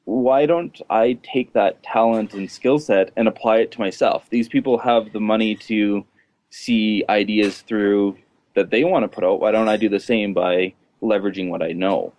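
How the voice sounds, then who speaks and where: A man hosting a podcast, telling stories in a relaxed, chatty way and laughing often. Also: lowish voice, moderate pace. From Canada. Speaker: podcast host. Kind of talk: casual storytelling chat.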